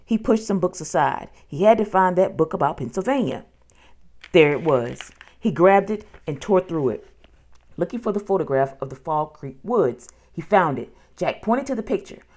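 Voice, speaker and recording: A woman reading a children's book aloud, with steady, expressive storytelling. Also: lowish voice, normal speed.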